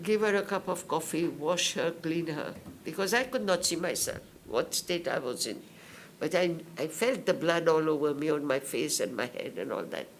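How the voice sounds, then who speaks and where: An older woman from India giving spoken testimony at a public hearing, telling her story slowly and in detail and acting out what others said. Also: on the low side, a little hiss or hum. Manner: slow, detailed storytelling that acts out others' words.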